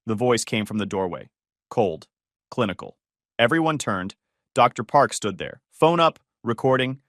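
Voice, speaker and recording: A man's voice: mid-range voice, animated, normal speed, fairly bright tone, dry recording, studio quality. A man in his thirties narrating a first-person story in terse, clipped sentences. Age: 30s.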